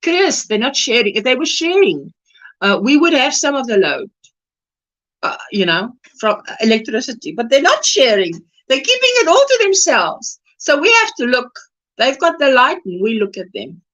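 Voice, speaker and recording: South african lady on a crochet livestream, high-ish voice that bounces around a lot, chatting and saying hi to viewers by name. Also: big pitch swings, moderate pace, rough recording. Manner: chatty, reads viewer comments aloud and greets them warmly by name. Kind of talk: casual livestream chat.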